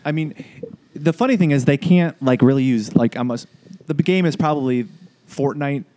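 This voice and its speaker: A man's voice: medium pitch, a little fast, mellow, a little hiss or hum. A man co-hosting a podcast, telling loose stories between laughs. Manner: laughing, loose storytelling, many fillers. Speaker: podcast co-host. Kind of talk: casual chat.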